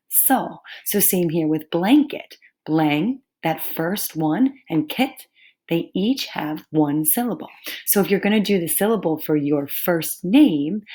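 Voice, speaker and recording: A woman teaching a recorded lesson to third graders, patient and clear, sounding out words carefully. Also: fairly low pitch, darkish tone.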